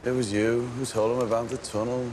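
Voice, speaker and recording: An actor playing a cold, controlled gang boss, speaking in a measured, clipped, quietly threatening way. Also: male voice, medium pitch, flat delivery, natural voice. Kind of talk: television drama acting. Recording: noticeable background hiss.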